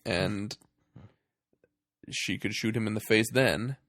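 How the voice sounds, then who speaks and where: A man's voice: fairly low pitch, slow, no room sound, studio quality. A man co-hosting a casual comedy podcast, recapping a movie with lots of laughter and acted-out quotes. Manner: animated, laughs often, acts out quoted lines in silly voices. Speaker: podcast co-host.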